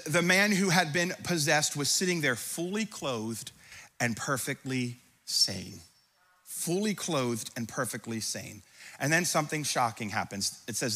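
A man's voice: medium pitch, pushed and bright. Man preaching, dramatic scripture reading. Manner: reads scripture aloud with dramatic emphasis; conversational asides between readings. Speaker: pastor. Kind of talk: sermon. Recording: long hall reverb.

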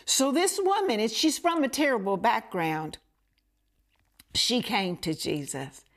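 A woman preaches in a high voice with a slow, deliberate pace. She tells the story with emphasis and repetition and keeps turning to the listener with questions. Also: expressive. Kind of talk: sermon.

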